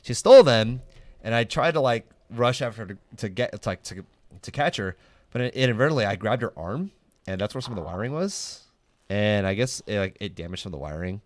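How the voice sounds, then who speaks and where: A young man hosts a casual podcast chat in a lowish, animated, brisk voice with no echo. He tells stories in a rambling way, packed with fillers and restarts.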